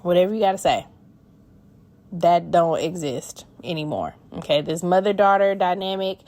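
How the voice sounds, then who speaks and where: A woman's voice: lowish voice, normal speed, darkish tone. Blunt profane woman podcast host. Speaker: podcast host answering listener emails. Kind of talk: casual advice chat.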